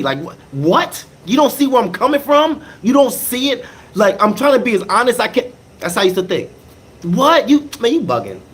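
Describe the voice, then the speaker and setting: Animated man with a lively high voice. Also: slight background noise. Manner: animated, emphatic, repeats phrases, slangy. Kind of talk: casual monologue.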